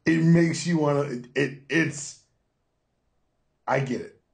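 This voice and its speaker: A man co-hosting a casual podcast about comic books, talking in a relaxed way. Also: a little high, slow, vocal fry. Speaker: podcast co-host. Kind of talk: casual comic book chat.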